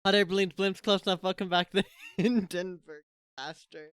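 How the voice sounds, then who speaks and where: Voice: mid-range voice, steady tone, brisk, fairly bright tone, clean tone, no echo, clean studio sound. A streamer thinking aloud during a live game, rambling and self-mocking between lines. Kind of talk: live game commentary and reading.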